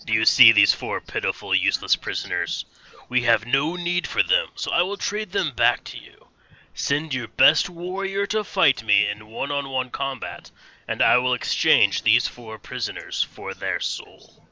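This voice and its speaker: A man's voice: medium pitch, animated, a little slow, sharp tone. A man voicing a towering, scaled dragon-man warlord in a tabletop game, grandly taunting his foes. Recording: dull lo-fi recording.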